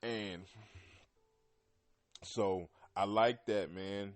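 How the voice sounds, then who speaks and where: Male podcast host, lower voice, easygoing rambling fan commentary, frequent throat clearing. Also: steady tone, drawn-out words. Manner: loose and rambling, heavy with "you know" and "man"; often clears his throat. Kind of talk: casual anime commentary.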